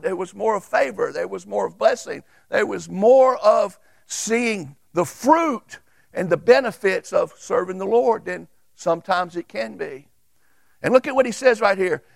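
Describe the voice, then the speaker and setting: A man, preaching a sermon as a Baptist pastor and reading scripture aloud with emphatic pauses. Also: high-pitched, gravelly, no room sound.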